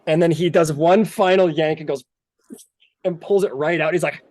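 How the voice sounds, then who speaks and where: Game master guy, slightly high voice, loose rambly narration. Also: steady tone, normal speed, a little mellow, dry recording. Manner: loose, filler-heavy storytelling.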